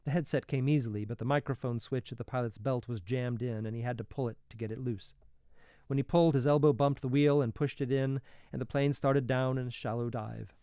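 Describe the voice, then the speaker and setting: A man reads a novel aloud at an even, measured pace. His voice is warm and mellow, and the recording is dry and close with no room sound. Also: mid-range voice, clean tone, no room sound. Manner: steady, measured storytelling. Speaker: reader.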